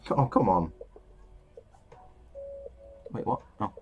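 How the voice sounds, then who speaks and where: A man's voice: fairly low pitch, animated, takes it slowly, dull audio, a little hiss or hum. A man giving a casual running commentary while crafting at his desk, rambling, joking and swearing under his breath. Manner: rambling, jokey, swears and mutters to himself. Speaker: miniature painting hobbyist.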